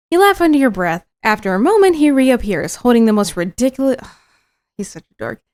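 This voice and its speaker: A woman's voice: fairly high pitch, very animated, a little fast, darkish tone, no echo, studio quality. A young woman streamer reading a visual novel aloud and breaking off into giggly, teasing asides.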